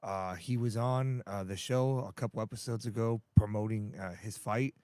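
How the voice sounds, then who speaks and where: A man co-hosting a podcast, welcoming guests and asking questions with many pauses. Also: on the low side, steady tone, darkish tone, clear, resonant tone, dry recording. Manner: hesitant, many ums. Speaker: podcast co-host.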